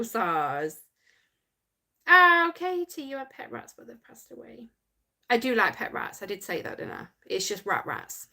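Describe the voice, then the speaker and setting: A woman's voice: medium pitch, gravelly, sharp tone. Giggly woman hosting a livestream. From United Kingdom. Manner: chatty, giggly, reads viewer comments aloud. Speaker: livestream host reading chat. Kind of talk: casual livestream chat.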